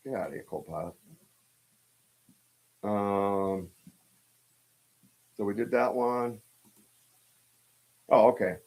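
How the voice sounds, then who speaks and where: A male podcast host speaks slowly in a somewhat low, slightly mellow voice, leaving long pauses. He tells a rambling, casual story on a live stream, full of fillers and restarts.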